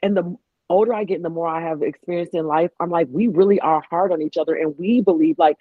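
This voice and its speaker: A woman's voice: on the low side, quick pace, no echo. A woman guest in a casual chat, talking animatedly and acting out what others said. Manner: animated, acts out quotes. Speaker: podcast guest. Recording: tinny phone-like line, dry.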